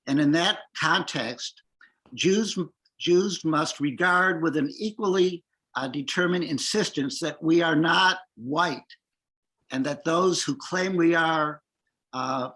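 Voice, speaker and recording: A man speaking in a community discussion over a video call, halting with many restarts and fillers. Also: a little high, fairly bright tone, low-quality recording. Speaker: discussion participant.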